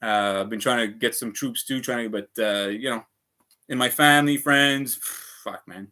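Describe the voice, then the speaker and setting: A man's voice: medium pitch, moderate pace, pushed and bright. A man ranting heatedly on a casual livestream, swearing often and repeating himself. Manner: heated, profane, repetitive ranting. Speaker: vlogger.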